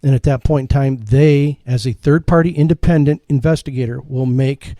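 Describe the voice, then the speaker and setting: A man talks in a folksy, lecturing way and leans on patriotic phrases as he explains a legal process. His voice is mellow and dark in tone. The sound is dry and close. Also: medium pitch, steady tone, moderate pace, no echo. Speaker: complainant talking on a local political show. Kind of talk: casual political talk.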